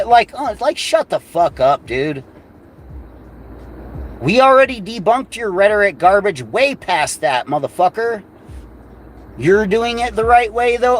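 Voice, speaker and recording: A man's voice: high-pitched, animated, measured pace, pauses often, a little hiss or hum, low-quality recording. A man vlogging in a heated, rambling rant, swearing constantly and full of fillers. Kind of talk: casual profane rant.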